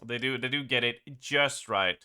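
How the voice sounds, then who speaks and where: Bright-voiced Swedish man streaming games. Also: medium pitch, moderate pace, clear, resonant tone. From Sweden. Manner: laughs often, swears, rambling restarts. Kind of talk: casual live gaming stream chat.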